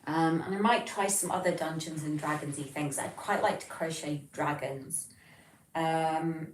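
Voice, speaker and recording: Low-voiced Southern English woman streaming. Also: fairly even intonation, measured pace, slight background noise. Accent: general Southern English. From England. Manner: chatty, rambling, reads chat messages aloud and answers them. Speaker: livestream host. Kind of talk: casual livestream chat reading viewer comments. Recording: roomy, from some distance off the mic.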